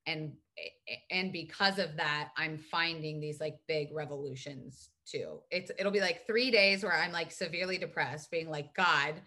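A woman's voice: sits low, moderate pace. A woman speaking as a podcast guest, telling candid personal stories in casual, profane conversation. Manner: candid, profane, animated storytelling.

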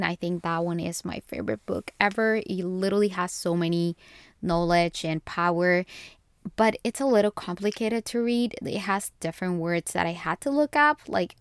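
A woman's voice: on the low side, clear, resonant tone, no room sound, studio quality. A young woman hosting a casual solo podcast, chatty and gushing, often correcting herself mid-sentence. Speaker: podcast host.

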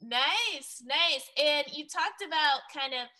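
A woman hosting a casual interview, upbeat and encouraging, with lots of quick affirmations. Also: high voice, lively intonation, pushed and bright. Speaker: podcast host.

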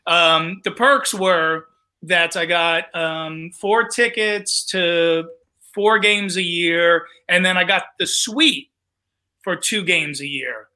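A man's voice: sits high, slow. A man, a comedian and show host, telling a story in casual podcast talk and acting out the voices of the people in it. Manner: animated storyteller, acts out quoted voices.

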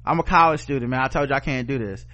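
A man's voice: mid-range voice, rapid-fire, sharp tone. A middle-aged man co-hosting a podcast, telling a story in casual chat with blunt, profane language and acted-out quotes. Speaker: podcast co-host.

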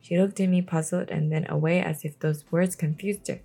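Low-voiced woman reading with vocal fry. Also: fairly even intonation, fairly quick, hardly any pauses, mellow, soft background music. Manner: chatty, hesitant, many fillers and laughs. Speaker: book reader and vlogger. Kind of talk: casual late-night read-aloud with chat.

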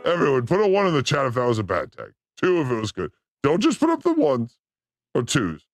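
Excitable crude-joking man, wildly swooping voice. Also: medium pitch, brisk, dry recording. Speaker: show host reacting to clips. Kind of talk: livestream clip commentary.

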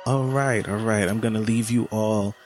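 A man in his late twenties talking casually in a vlog, chatty and relaxed, laughing now and then as he speaks. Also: fairly low pitch, normal speed, music in the background. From American South. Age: 20s. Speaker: vlogger.

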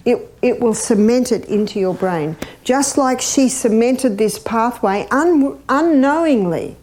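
An older woman teaching about health in a lively way, asking her listeners questions and imitating laughter. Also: fairly high pitch, measured pace. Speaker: health educator. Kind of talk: animated teaching talk.

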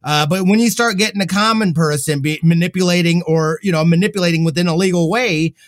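A man speaks bluntly in casual podcast chat, pressing his opinions with some fillers. His voice is a little higher than most men's. The recording is dry and close. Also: fast talker, no echo. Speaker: podcast co-host.

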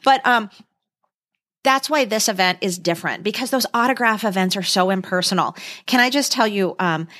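A woman's voice: mid-range voice, normal speed, fairly bright tone. Enthusiastic middle-aged woman co-hosting a podcast. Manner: enthusiastic, talks straight to listeners. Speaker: podcast co-host. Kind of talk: casual chat.

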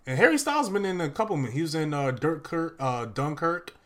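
A man's voice: on the high side, expressive, fairly quick. A young man hosting a casual movie review chat, rambling through his recap with lots of "uh" and "like".

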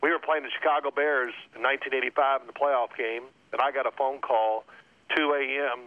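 An older man in his sixties tells stories in an animated, casual way and keeps slipping into other voices for his quotes. The sound is thin and narrow, like it is coming through a phone. His pitch sits in the middle. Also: a little fast, no echo. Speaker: guest, former pro quarterback. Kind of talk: casual storytelling. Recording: phone-like line.

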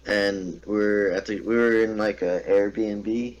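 A man's voice: on the low side, steady tone, slow pace, muffled recording. Laid-back man from Texas telling stories. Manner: laughing storyteller, swears freely. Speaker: podcast co-host. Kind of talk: casual chat.

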